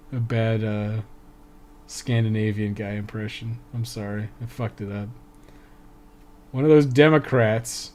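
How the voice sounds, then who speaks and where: A man streaming a video game live, reading the on-screen text aloud and swearing often. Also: mid-range voice.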